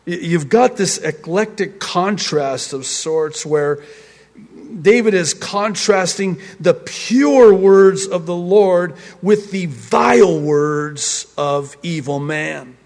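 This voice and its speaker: A man preaching a sermon in a fairly high voice, slow and deliberate, with his words trailing into a long hall echo. He breaks into humorous asides and laughs mid-sentence. His storytelling is lively. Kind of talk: sermon on a psalm.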